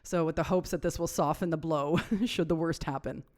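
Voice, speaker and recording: A woman co-hosting a casual podcast, walking through research points and affirming her partner with quick yeps. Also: low-pitched, fairly even intonation, darkish tone. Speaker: podcast co-host.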